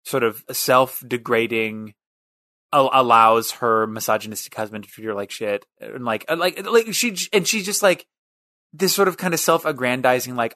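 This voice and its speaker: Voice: mid-range voice, animated, moderate pace, a bit bright, no room sound, studio quality. A podcast co-host in a casual film chat, giving blunt, opinionated takes and swearing freely.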